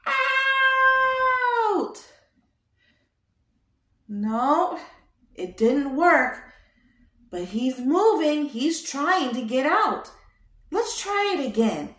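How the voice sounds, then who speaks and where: Slow, sing-song woman host for toddlers. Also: sits high, big pitch swings. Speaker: children's show host. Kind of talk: teaching toddlers. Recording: roomy echo.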